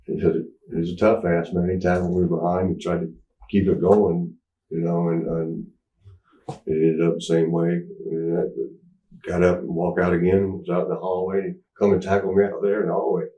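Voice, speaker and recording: A man in his forties telling a candid story as an interview guest, rambling and halting with many restarts and fillers. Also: sits low, level tone, warm tone, muffled recording. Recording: roomy echo, mic at a distance.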